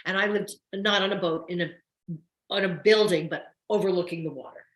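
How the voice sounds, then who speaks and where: Older actress with New Jersey accent, fast and chatty, echoey room, casual interview guest. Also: female voice, fairly low pitch. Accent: New York–New Jersey. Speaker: guest, soap opera actress.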